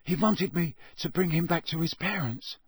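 A man's voice: on the high side, normal speed, breathy edge, no echo, pitched above the performer's own voice. A man reading an audiobook, voicing a shaken, injured teenage boy who speaks in a dazed, pleading way. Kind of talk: audiobook character voice.

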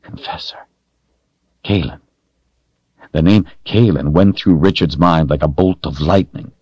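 A man narrating a fantasy novel in a slow, deliberate, dramatic way. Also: very deep voice, darkish tone, breathy edge, no room sound, highs cut off. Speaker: audiobook narrator.

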